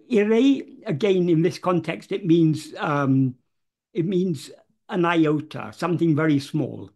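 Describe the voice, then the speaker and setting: A man explaining a devotional verse word by word in an unscripted talk, measured and careful, often pausing on fillers and correcting himself. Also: sits high, a little mellow, slightly rough.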